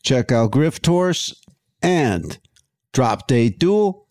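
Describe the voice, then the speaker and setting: A man hosting a comedy podcast at a slow, easygoing pace, close and dry on the mic. He drawls through plugs and jokes with goofy, laid-back ease. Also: medium pitch, very animated, a little mellow, no echo. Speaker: podcast host. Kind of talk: casual comedy chat.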